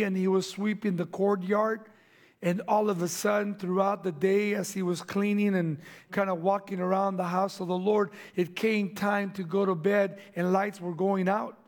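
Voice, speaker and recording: A man preaching a sermon, retelling a Bible story dramatically, acting out the voices and dropping to hushed near-whispers. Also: sits high.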